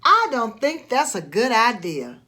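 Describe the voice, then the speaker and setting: A woman voicing a calm, helpful male cartoon mouse in a storybook read-aloud, explaining things patiently. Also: on the high side, a little slow, heavily acted.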